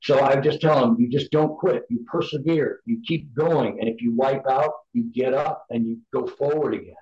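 A man's voice: mid-range voice, moderate pace, darkish tone. A middle-aged man, a podcast guest, giving candid personal testimony in an earnest, emphatic, preacher-like way. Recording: roomy, dull lo-fi sound.

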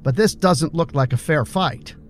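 A man reading an audiobook, voicing a young man who stays polite and calm in a tense standoff. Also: on the high side, measured pace, faint music behind, close to an everyday voice. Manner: polite, trying to stay calm.

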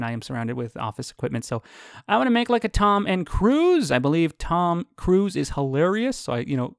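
Chatty podcast host. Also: male voice, a little high, no echo, clean studio sound. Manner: rambling, chatty, self-correcting. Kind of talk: casual monologue. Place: home office.

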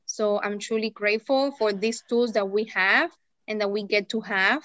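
A woman's voice: mid-range voice, fairly even intonation, normal speed, a bit bright, dry recording, muffled recording. A woman guest on a podcast, a yoga teacher, talking in an earnest, rambling way in casual chat.

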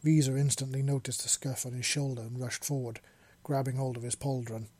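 A man narrating a story in a steady storytelling manner. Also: medium pitch, brisk, hardly any pauses, breathy edge, no room sound. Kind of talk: audiobook narration of fan fiction.

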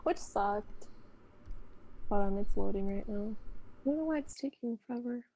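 A woman chatting casually as a podcast guest, relaxed and talkative with many fillers. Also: medium pitch, moderate pace, poor audio. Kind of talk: casual chat.

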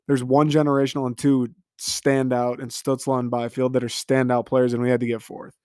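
A man's voice: medium pitch, flat delivery, a little fast, a little mellow, clear, resonant tone, dry recording. Frustrated young man ranting, dry sound. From Detroit area, Michigan. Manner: frustrated, profane, rambling. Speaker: sports podcast host. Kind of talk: solo sports rant.

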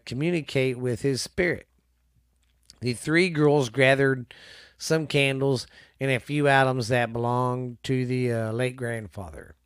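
A man hosting a podcast, reading ghost stories aloud in a halting, casual way with many restarts. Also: medium pitch, smooth, dry recording, studio quality.

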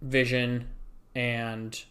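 A man's voice: mid-range voice, little pitch movement, extremely slow, fairly bright tone. A young man co-hosting a podcast in casual chat, joking and rambling with frequent laughs. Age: young adult. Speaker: podcast co-host.

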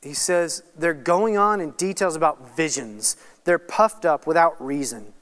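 A man teaching at a Bible study, swinging from hushed, earnest lines to loud, rapid, excited asides. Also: a little high, in a large hall. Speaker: guest speaker at a Bible study. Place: church hall or meeting room.

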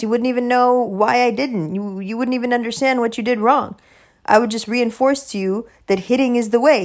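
A woman tells a story in a loose, casual monologue. She swears freely, leans hard on her points and breaks into laughter often. Her voice sits a little high. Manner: profane, emphatic, laughs often. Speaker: parent telling a story.

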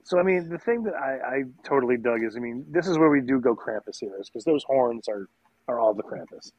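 A man's voice: mid-range voice, lively intonation, fairly quick, no room sound, muffled recording. A man co-hosting a casual movie review podcast, explaining film lore with eager restarts. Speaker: podcast co-host.

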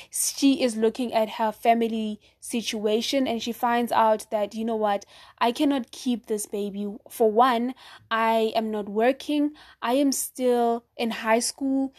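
A woman's voice: on the high side, a little mellow. A woman hosting a podcast, retelling a listener's testimony in a conversational way, often checking in with her listeners. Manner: conversational, with frequent fillers and rhetorical check-ins. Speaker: podcast host.

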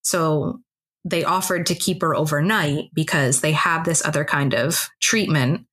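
A woman's voice: low-pitched, fairly even intonation, a bit bright, slightly rough. A woman co-hosting a podcast, telling a personal story in a casual, chatty way with lots of "like" fillers. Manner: fast conversational telling, many fillers like "like". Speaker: podcast co-host.

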